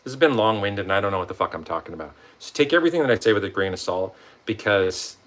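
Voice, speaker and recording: A man's voice: lowish voice, quick pace. A man vlogging a rambling, casual motivational monologue, swearing often and acting out quotes in different voices. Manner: swearing, rambling, animated quoting of himself and others.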